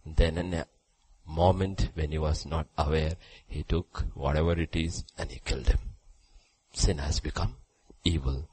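A man preacher delivering a sermon, swinging between loud urging and quiet drops. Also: very deep voice, steady tone, moderate pace, slightly rough, poor audio.

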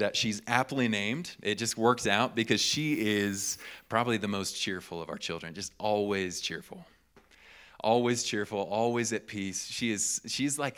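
A young man in his twenties preaching a sermon to college students, animated, laughing often and repeating words for emphasis. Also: lowish voice. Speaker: pastor.

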